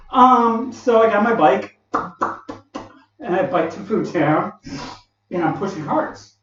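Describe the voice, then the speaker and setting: A man tells his stories in a loose, rambling way, breaking into laughs and playing out what others said. His voice sits a little high and sounds set back from the mic. The recording is muffled and strongly echoey. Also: expressive, unhurried, a bit bright. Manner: laughs often while talking, acts out quoted people. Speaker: vlogger telling work stories. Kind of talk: rambling casual storytelling. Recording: echoey, dull, from far off the mic.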